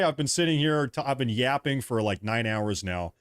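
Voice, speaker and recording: A man who hosts the stream speaks at a middle pitch in live commentary, pressing every point again and again with a joking grumpy edge. He is recorded dry and close, with almost no room sound. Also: normal speed, hardly any pauses, clean tone, dry recording. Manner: emphatic and repetitive, jokingly irritable. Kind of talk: live-stream political commentary, reading chat.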